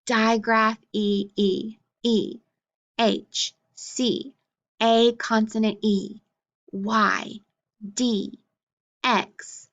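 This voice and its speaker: A woman with a slightly high voice teaches young children phonics, sounding out letters slowly and clearly and offering frequent praise. The audio is lo-fi.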